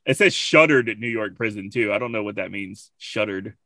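A man's voice: on the low side, fairly quick, pushed and bright, no room sound. A man hosting a podcast in casual chat. He laughs often and reads out strange news headlines. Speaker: podcast host.

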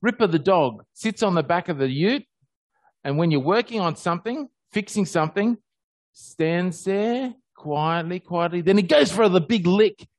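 Animated Australian man preaching. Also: moderate pace, dry recording. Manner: animated storyteller, pitch jumping high on happy moments. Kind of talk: conversational sermon with personal stories.

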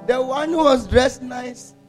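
A man preaching a sermon, animated, half-singing his phrases, laughing and quizzing the congregation. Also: very high-pitched, a little slow, music in the background. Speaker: pastor.

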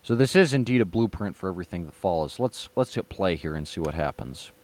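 A man's voice: deep voice, animated, quick pace, darkish tone. A man hosting an online show, giving casual and sarcastic reaction commentary in a mocking tone. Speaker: online video host.

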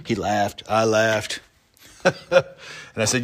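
Low-voiced man, from North Idaho, folksy drawl, comedic rant in his workshop shed. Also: unhurried, pauses often, fairly bright tone, husky. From North Idaho, USA. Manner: folksy, drawling, chuckles between lines. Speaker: comedic monologuist.

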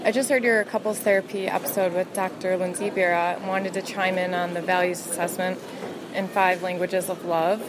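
A woman's voice: fairly low pitch, level tone, moderate pace, a crowd in the background, poor audio. A woman calling in to a podcast with a friendly, chatty, upbeat message. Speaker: podcast listener caller. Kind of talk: recorded voice message.

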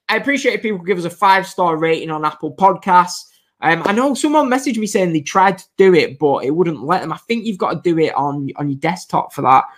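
Chatty podcast host. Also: male voice, on the high side. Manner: rambling, chatty, self-deprecating. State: out of breath. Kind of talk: solo podcast chat.

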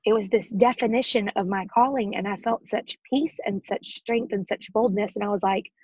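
A woman's voice: mid-range voice, steady tone, normal speed, darkish tone, breathy edge, no echo, highs cut off. A woman in her thirties telling a personal faith story as an interview guest, earnest and emotional, laughing often and close to tears. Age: 30s.

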